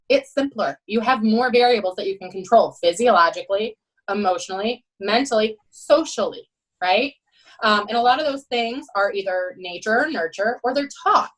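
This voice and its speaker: A woman who is a head swim coach, telling animated, emphatic stories in a podcast interview and often adding "you know" and "right.". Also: medium pitch, rough recording.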